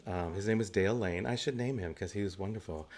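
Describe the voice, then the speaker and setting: A man's voice: low-pitched, quick pace, a little mellow. Chatty man telling theatre stories. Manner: chatty, laughs often between stories; gives practical stage tips. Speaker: guest actor. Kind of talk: anecdotal interview storytelling.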